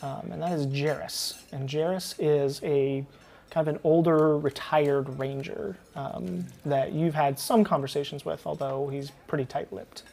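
Woman game master, low voice, relaxed, halting delivery. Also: gravelly. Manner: relaxed, hesitant with fillers. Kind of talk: narrating a tabletop game.

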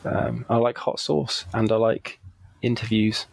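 Gravelly low-voiced man chatting. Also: fairly even intonation, unhurried, dry recording. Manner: swears freely, joking. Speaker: co-host. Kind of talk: casual podcast chat.

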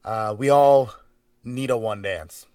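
A man's voice: mid-range voice, takes it slowly, warm tone. A man co-hosting a podcast, chatting casually with rambling, hesitant asides. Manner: rambling, hesitant, many fillers. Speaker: podcast co-host. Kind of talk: casual chat.

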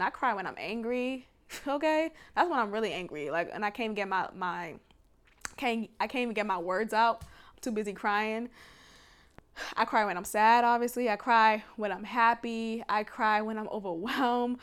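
A woman's voice: medium pitch, a little slow, fairly bright tone, smooth. A young adult woman hosting a faith podcast, talking casually and emphatically, laughing often. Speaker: podcast host.

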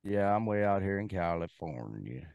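A man's voice: low-pitched, animated, moderate pace, creaky, darkish tone, clean tone, no echo. A man co-hosting a podcast in casual chat, playful and teasing with lots of laughter. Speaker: podcast co-host.

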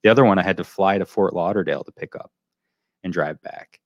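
Very low-voiced rambling male podcaster. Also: fast talker, a little mellow, no echo, muffled recording. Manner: rambling storyteller, loops back with "so anyway". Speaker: podcast co-host. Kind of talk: casual chat.

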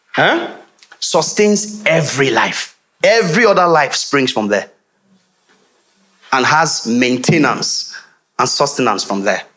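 A middle-aged man with a Nigerian accent preaching a sermon in an animated, teasing way with frequent laughs. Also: mid-range voice. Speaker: pastor.

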